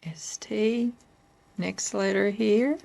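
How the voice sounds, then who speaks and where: Slow, gravelly-voiced woman spelling letters. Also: mid-range voice, steady tone. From Kentucky. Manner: patient, questioning, with occasional soft laughs. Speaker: reading out a letter board.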